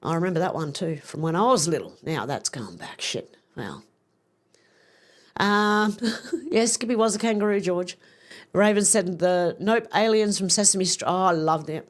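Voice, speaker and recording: A woman's voice: lowish voice, animated, normal speed. A middle-aged woman hosting a livestream, chatting casually, giggling as she reads viewers' comments aloud. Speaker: livestream host.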